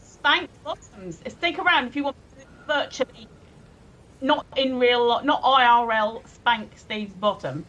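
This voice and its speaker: A woman's voice: fairly high pitch, a little slow, a bit bright, muffled recording, slight background noise. A woman co-hosting a casual live stream, giggling often as she reads viewers' messages aloud. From England. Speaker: stream co-host.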